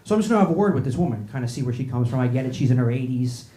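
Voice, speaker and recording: A man performs brash, profane stand-up for an audience in a small club, riffing off the crowd. His medium-pitched voice is animated and mellow, and he races along. The club sounds echoey and the live room noisy.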